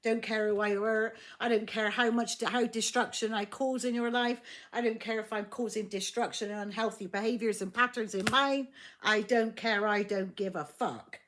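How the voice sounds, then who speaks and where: A woman's voice: fairly high pitch, steady tone, normal speed, fairly bright tone, natural voice. A woman voicing a cold, stubborn man who won't commit, speaking defiantly and swearing.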